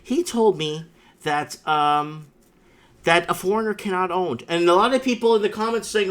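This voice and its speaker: Fairly high-voiced rambling male host. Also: normal speed, fairly bright tone. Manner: rambling, emphatic storytelling with repeated asides. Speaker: livestream host. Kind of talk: casual chat with a caller.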